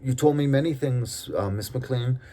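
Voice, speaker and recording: A man voicing a nervous middle-aged male gardener who speaks haltingly and apologetically. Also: mid-range voice, warm tone, pitched above the performer's own voice, close to an everyday voice. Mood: hesitant.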